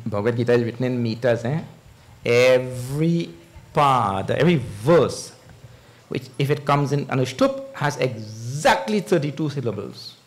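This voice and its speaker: Giving a scripture discourse as a swami, this man uses a mid-range voice at a moderate pace. His sermon is full of animated stories and chuckles, and he quizzes his listeners with questions such as "eh?"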